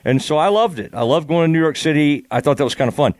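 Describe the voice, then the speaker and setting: A man's voice: a little high, expressive, quick pace, a little mellow, dry recording. A man hosting a casual chat, asking easygoing, rambling questions. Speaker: podcast host.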